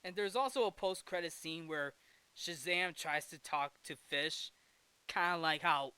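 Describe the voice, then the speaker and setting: A man's voice: fairly high pitch, bright, forceful tone, clean tone, no room sound. A man hosting a casual film review, rambling through the plot with frequent self-corrections and restarts. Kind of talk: casual movie recap.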